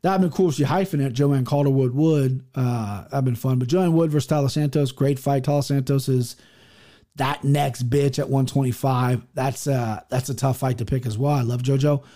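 A man's voice: medium pitch, normal speed, warm tone. A man in his thirties hosting a podcast, talking through upcoming fights in a rambling, profane, casual monologue full of restarts. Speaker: podcast host.

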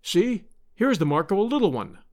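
A man doing an eager gentleman hunter. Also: high voice, big pitch swings, brisk. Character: eager aristocratic male big-game hunter.

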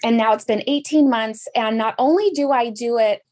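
A woman's voice: fairly high pitch, moderate pace, darkish tone. A woman telling her story in a casual podcast conversation, with sudden jumps up in her voice for emphasis.

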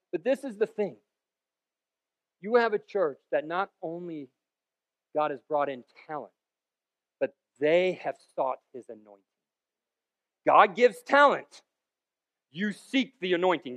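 A man preaching a sermon as pastor, with joking, rambling asides and sudden loud bursts between quieter stretches. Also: a little high, very animated, measured pace, long pauses.

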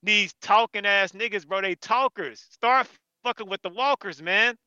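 Man, caller, high voice, smooth and piercing, profane trash talk, dull dry line. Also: moderate pace, bright, forceful tone, dry recording. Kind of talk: heated casual debate.

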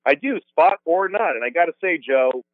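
A man calling in to a comedy podcast, chatting in an upbeat, jokey, deadpan way over a phone line. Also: a little high, moderate pace, dry recording. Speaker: caller. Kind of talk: casual comedic call-in chat.

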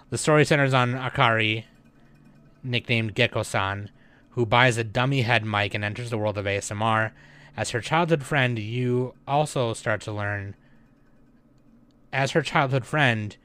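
A young man hosting a news podcast, reading headlines and adding relaxed offhand comments with lots of fillers. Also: mid-range voice. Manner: reads headlines, then adds relaxed offhand remarks with many fillers.

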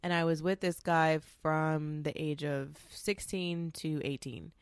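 Woman host, solo casual storytelling, low-ish voice, dry close sound, candid and chatty. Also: fairly even intonation, a little slow, clean tone, no echo. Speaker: podcast host.

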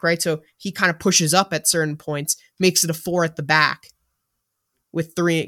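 Animated man talking football tactics. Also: a little high. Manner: animated, defensive, jokey. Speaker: podcast co-host. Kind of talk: casual sports chat.

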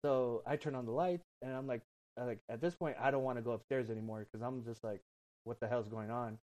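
A man's voice: medium pitch, fast talker, a little mellow, poor audio. A man on a podcast telling a story in a rambling, casual way, full of swearing and filler words. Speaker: podcast guest.

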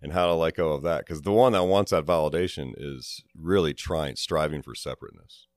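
A man's voice: extremely low pitch, a little fast, no room sound, studio quality. A man on a podcast speaking reflectively, posing rhetorical questions. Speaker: podcast guest. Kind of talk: casual chat.

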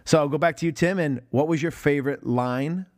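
A man's voice: a little high, a little fast, darkish tone. A man hosting a casual film podcast, laughing often and swearing freely. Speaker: podcast host.

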